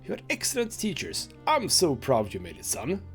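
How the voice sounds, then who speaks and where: A man's voice: on the high side, wildly swooping pitch, normal speed, soft background music. A man voicing a proud, formal aging father in a story game.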